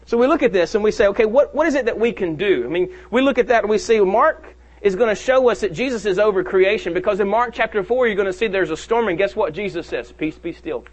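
A male pastor preaching a sermon to his congregation. He leans hard on key phrases and draws them out slowly. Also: high voice, lo-fi sound. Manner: preaches with rising emphasis and slow, drawn-out key phrases. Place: church sanctuary.

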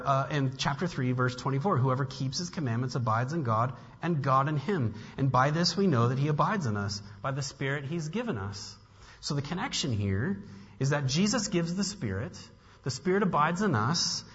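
A man's voice: a little high, fairly bright tone. Man preaching in an echoing hall. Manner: conversational preaching with fillers and restarts. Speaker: pastor. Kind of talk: sermon. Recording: dull sound with long hall reverb.

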